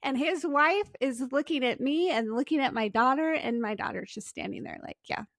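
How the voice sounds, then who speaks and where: Chatty woman podcast host, fairly high. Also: animated, moderate pace, fairly bright tone, no echo, clean studio sound. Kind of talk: casual interview chat.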